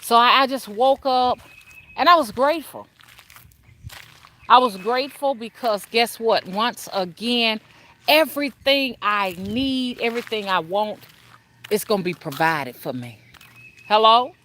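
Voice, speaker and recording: A woman hosting a spiritual livestream from home on her phone, keeping her voice low and greeting viewers one by one by name. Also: expressive, a little slow, fairly bright tone, a little hiss or hum. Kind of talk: casual livestream chat with viewers.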